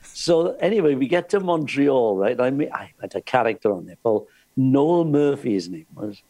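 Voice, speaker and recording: Husky older storyteller. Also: male voice, medium pitch, normal speed, no echo. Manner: lively storyteller, laughs often, restarts. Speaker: cruise ship entertainer telling stories. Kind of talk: anecdotal chat.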